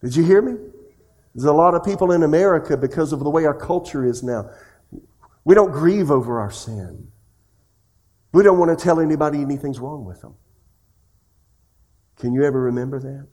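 A man's voice: medium pitch, a little fast, pauses often. Man preaching a sermon. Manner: swings between loud questions and hushed confessions; asks the congregation direct questions. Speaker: pastor.

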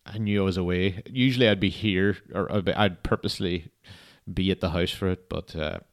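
Male, young adult, podcast host, casual solo chat, rambling, sweary, lowish voice. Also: steady tone, brisk. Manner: swears often, rambling and laid-back.

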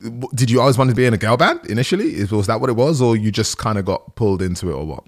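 A man hosting a podcast interview in a relaxed, conversational way, acting out the quotes he repeats. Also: racing. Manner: animated, acts out quotes with big jumps in pitch. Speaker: podcast host.

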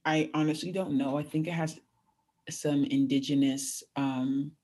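A young woman from California, a guest in a casual interview, telling animated stories and acting out quotes with laughter. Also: low voice, a little slow. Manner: animated storyteller, acts out quotes, laughs often. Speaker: guest, athlete.

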